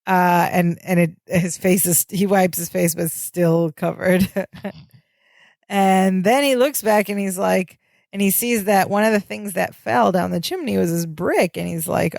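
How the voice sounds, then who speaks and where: Chatty woman with a creaky voice. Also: fairly low pitch, measured pace, darkish tone, no room sound, studio quality. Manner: chatty, narrates scenes step by step. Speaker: podcast co-host. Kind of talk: casual chat recapping a sitcom episode.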